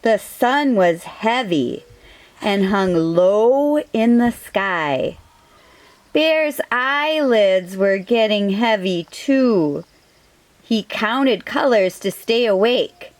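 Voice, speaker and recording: A woman hosting a children's storytime, reading a picture book aloud gently and asking the children questions. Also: medium pitch, animated, extremely slow, no echo.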